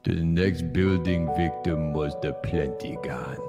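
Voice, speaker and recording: A man voicing a deep-voiced dramatic film narrator, slow and grave, over loud music. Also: heavily acted. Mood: mock-solemn. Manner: slow, grave, portentous delivery. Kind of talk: mock-solemn documentary narration.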